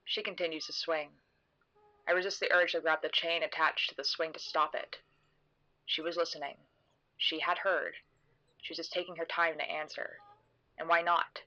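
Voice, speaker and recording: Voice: mid-range voice, pushed and bright, highs cut off. A narrator telling a horror mystery podcast story in the first person, in a sardonic, sarcastic manner.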